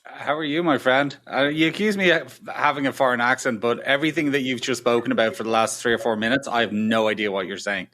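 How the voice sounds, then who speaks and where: A man's voice: mid-range voice, fairly even intonation, fast talker, few pauses, a bit bright. Dry British man, teasing guest. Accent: British English. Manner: dry, teasing, mock-offended. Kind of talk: casual chat.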